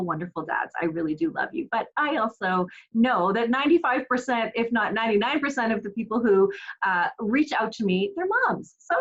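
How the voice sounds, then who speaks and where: Through a muffled recording comes a mid-range female voice: a parenting coach in her forties giving advice to camera. She's earnest and encouraging, with frequent rhetorical questions.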